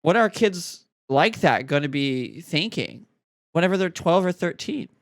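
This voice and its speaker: A man's voice: fairly high pitch, lively intonation, a little slow, no echo, clean studio sound. A young man co-hosting a podcast, talking casually in a rambling, earnest way full of fillers. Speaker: podcast co-host.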